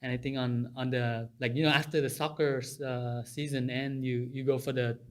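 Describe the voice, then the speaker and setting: Man, podcast guest, non-native English, halting, many restarts, laughs through stories. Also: mid-range voice, flat delivery. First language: Japanese or Thai. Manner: laughs while telling stories. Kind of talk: casual conversation.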